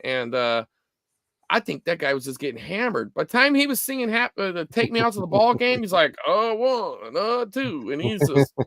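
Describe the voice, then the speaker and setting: A man in his forties co-hosting a live stream show, telling stories in a rambling, animated way with lots of fillers. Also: high-pitched, brisk, no room sound, clean studio sound. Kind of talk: casual chat.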